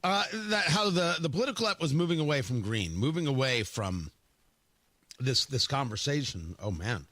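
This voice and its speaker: Radio host guy, sarcastic rant, high bright voice, bouncy, dry studio. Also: expressive, normal speed, no room sound. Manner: sarcastic, mocking quotes in put-on voices. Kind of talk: opinionated talk radio monologue. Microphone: studio microphone.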